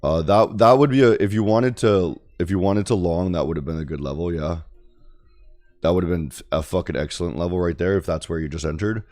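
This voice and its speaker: Low-voiced man chatting through live trades. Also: brisk, a little mellow. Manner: loose and chatty, checks in with "okay?" and "right?"; swears casually, restarts and repeats. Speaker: day-trading livestreamer. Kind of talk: casual live-stream commentary.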